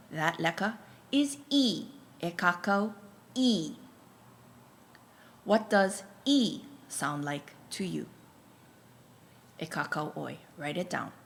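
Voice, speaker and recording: Slow, gravelly-voiced woman teaching pronunciation. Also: lowish voice. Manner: patient, repeats each letter and prompts learners to write. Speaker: Hawaiian language teacher. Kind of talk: slow, deliberate language lesson.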